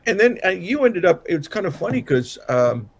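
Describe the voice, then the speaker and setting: A man's voice: high voice, big pitch swings, normal speed, gravelly, husky. A man co-hosting a political podcast, tired after a late night, talking in a loose, rambling way with many restarts and fillers. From Southern California. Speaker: podcast co-host. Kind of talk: casual political chat.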